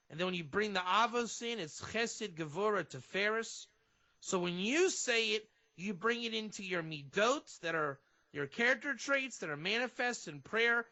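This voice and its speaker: Male rabbi guest, high and bright voice, animated radio teaching on dull lo-fi audio. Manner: animated explainer, acts out fervent prayer.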